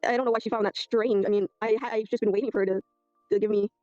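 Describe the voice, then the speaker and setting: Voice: mid-range voice, fairly even intonation, very fast, a little mellow, no echo, highs cut off, soft background music. A video creator rambling through a dispute, reading old messages aloud. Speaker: video creator telling a story. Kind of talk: casual storytelling recap.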